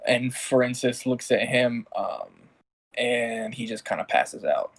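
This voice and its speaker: A man narrates as game master for a tabletop game played over a voice call. His voice sits at a middle pitch. He tells the scene in a loose, casual way, with fillers and restarts. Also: lively intonation, measured pace, creaky. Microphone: home mic on a voice call.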